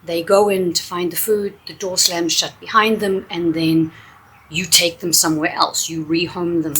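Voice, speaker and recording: A woman telling a funny personal story in a chatty, animated way. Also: on the low side, normal speed, a little hiss or hum, rough recording. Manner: chatty, animated, with fillers and restarts. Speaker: storyteller and English teacher. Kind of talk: casual storytelling.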